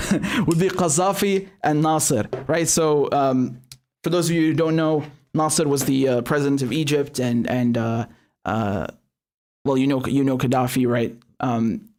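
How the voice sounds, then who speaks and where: A man's voice: a little high, darkish tone. Blunt, foul-mouthed male stream host. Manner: blunt, heavy swearing, many restarts. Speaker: show host. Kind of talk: live-stream commentary and reading viewer chats.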